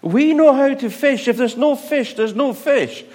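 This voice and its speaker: A male preacher voicing a blunt, proud fisherman protesting loudly in a sermon story. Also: very high voice, unhurried, voice pushed up. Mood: exasperated. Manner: raised, protesting, emphatic.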